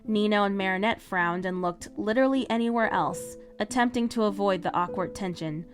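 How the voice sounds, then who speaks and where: A woman's voice: medium pitch, a little fast. Woman reading a story aloud over music. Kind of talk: fan fiction read-aloud narration.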